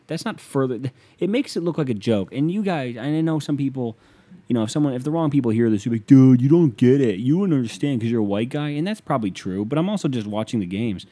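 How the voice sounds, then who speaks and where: Young man, sports rant, swearing, sarcastic, mellow dark tone, casual host. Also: medium pitch, breathy edge. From Ohio. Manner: profane, sarcastic, ranting.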